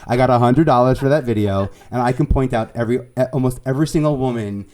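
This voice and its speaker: A man with a New York accent, a producer and casting director, chatting as an interview guest in an animated way, laughing easily and restarting his sentences. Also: medium pitch, fast talker. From Staten Island, New York. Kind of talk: conversational storytelling.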